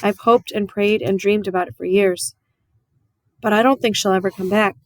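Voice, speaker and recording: Soft-spoken tired preacher dad in a storybook reading, voiced by a woman, earnest and plain. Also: medium pitch, steady tone, moderate pace, no room sound, studio quality, lightly acted. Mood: tearful. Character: gentle, weary small-town preacher father.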